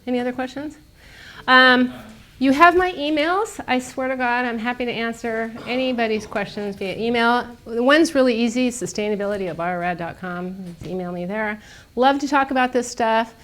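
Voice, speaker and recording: A woman's voice: a little high, normal speed. Middle-aged woman guest speaker, snarky and laughing a lot, casual storytelling in a lecture room. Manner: animated, snarky, laughs often.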